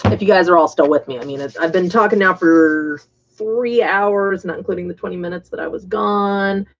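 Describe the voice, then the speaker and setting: A chatty woman hosting a painting livestream, talking casually to her viewers and calling some of them by name. Her voice sits a little low for a woman. The stream audio sounds dull and lo-fi. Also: normal speed, background noise. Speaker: livestream host painting miniatures.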